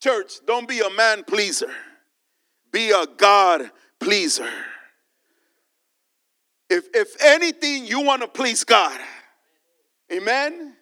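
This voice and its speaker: A man's voice: sits high, lively intonation, slow, pauses often, pushed and bright. A man preaching a sermon as pastor, repeating his points and calling out to the church.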